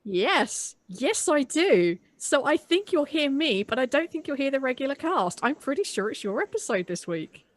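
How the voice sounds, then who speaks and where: A woman's voice: high-pitched, sing-song, moderate pace, few pauses. A young woman co-hosting a podcast, gushing enthusiastically with frequent swearing and restarts. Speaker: podcast co-host. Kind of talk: casual chat.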